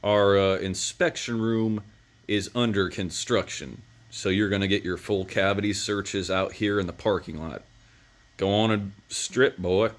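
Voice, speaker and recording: Man doing a low, drawling, taunting warden. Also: steady tone, a little slow, lightly acted. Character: swaggering southern-style male prison warden.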